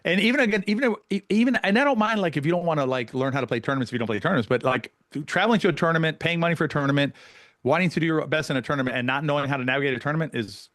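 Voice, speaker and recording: Brief: male coach guest, rapid animated storyteller, dry close mic. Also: fairly high pitch, dry recording. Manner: fast, animated storytelling with many restarts. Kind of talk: casual podcast conversation.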